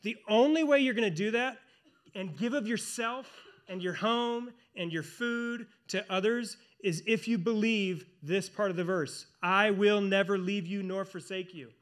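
A man, a pastor and church elder, preaching a sermon in an earnest, emphatic way, slowing down to stress key phrases. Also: sits high, fairly bright tone.

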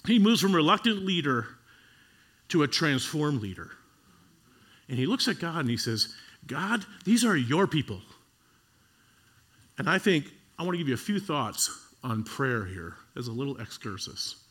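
A male pastor preaching a sermon in a conversational, animated way, swinging from loud bursts to hushed, slow passages. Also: medium pitch.

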